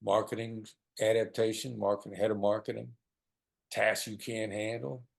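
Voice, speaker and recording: A man's voice: on the low side, normal speed, vocal fry. A middle-aged man, a guest in an interview, telling stories and acting out the lines of the people in them. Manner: animated storyteller, acts out quoted lines. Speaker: guest, former hostage negotiator. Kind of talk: storytelling in an interview.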